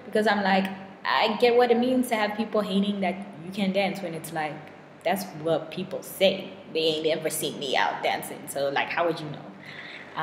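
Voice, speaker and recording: A young woman in a casual vlog monologue, chatty and self-deprecating, full of fillers and restarts. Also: sits low. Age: young adult. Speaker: vlogger. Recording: echoey room with long reverb and clear noise.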